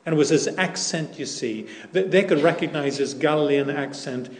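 A man preaching a sermon, deliberate and emphatic, repeating key phrases for weight. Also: a little high, a little hiss or hum. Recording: echoey room.

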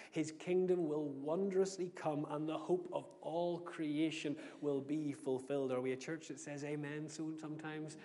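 A man's voice: on the high side, darkish tone. A man preaching a sermon in church, reading scripture, praying and telling stories in an earnest way. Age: adult with a young son. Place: church sanctuary. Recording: long reverb of a church hall.

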